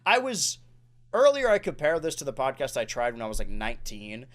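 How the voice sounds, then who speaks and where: A man's voice: mid-range voice, wildly swooping pitch, brisk, fairly bright tone. A man in his twenties hosting a casual podcast, rambling and correcting himself, with lots of "like". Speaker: podcast host.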